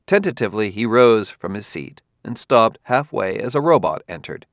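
Man reading an audiobook, low gravelly voice, steady and measured, dry close sound. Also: dry recording. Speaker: audiobook narrator. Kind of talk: scripted narration.

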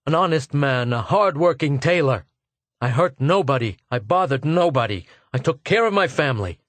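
Audiobook figure: a defiant tailor lost in time, bitter and raised up high and loud, as a male narrator puts him on. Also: measured pace, no echo, close to an everyday voice. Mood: furious.

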